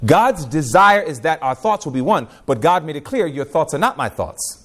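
A man preaching a sermon with emphasis, moving between quiet passages and loud rhetorical questions. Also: fairly high pitch, big pitch swings, moderate pace.

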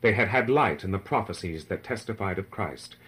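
A man's voice: low voice, animated, moderate pace, fairly bright tone, poor audio. A man giving a solemn, dramatic reading of a devotional narrative, rising in force for the crowd's cries. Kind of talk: scripted narration of a devotional book.

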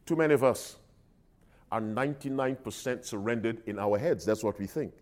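A man preaching a sermon in an emphatic call-and-response style, swinging between loud appeals and soft asides. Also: medium pitch, normal speed.

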